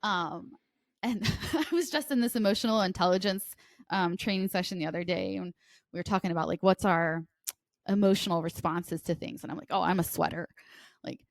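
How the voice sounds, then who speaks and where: A woman talks quickly and a little nervously, piling up fillers and restarting her sentences. Her voice sits in a middle range. The sound is dry and close to the mic, with no room around it. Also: medium pitch, dry recording. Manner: fast, restless talk with many fillers and restarts. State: nervous and sweaty. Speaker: podcast co-host. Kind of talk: casual podcast chat.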